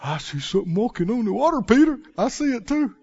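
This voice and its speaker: Preacher doing scared fishermen, yelping high n panicky, muffled lo-fi audio. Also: male voice, big pitch swings, quick pace, a little mellow, slightly rough, exaggerated voice. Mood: frightened. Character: frightened burly fishermen, adult men. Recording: dull lo-fi recording.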